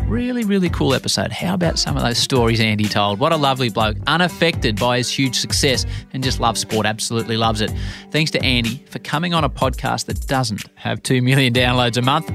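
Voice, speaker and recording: Friendly podcast host. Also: male voice, mid-range voice. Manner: friendly, encouraging interviewer. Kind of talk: casual interview and sign-off.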